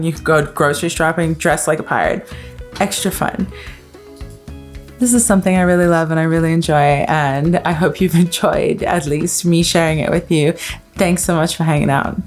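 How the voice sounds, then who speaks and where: Lowish voiced woman vlogging, chatty and playful, quiet music behind. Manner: chatty and playful, laughs often. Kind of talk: casual vlog talk.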